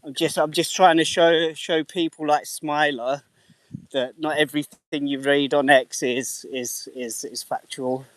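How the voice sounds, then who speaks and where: A man's voice: fairly high pitch, fairly even intonation, measured pace, no echo. A man in his thirties from England with a slightly mixed English accent, chatting casually to viewers on a live stream and swearing freely. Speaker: livestreamer.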